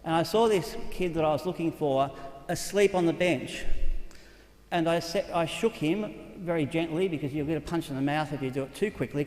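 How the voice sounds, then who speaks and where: Older Australian man, Catholic priest, earnest storyteller, slightly high voice, long echoing hall reverb. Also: a little mellow. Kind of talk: storytelling talk.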